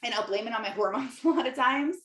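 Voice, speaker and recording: A woman's voice: a little high, fast talker, fairly bright tone. Chatty woman in a roomy space. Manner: chatty, rambling, many fillers and self-quotes. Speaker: podcast host and Christian life coach. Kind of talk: casual confessional monologue. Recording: roomy echo.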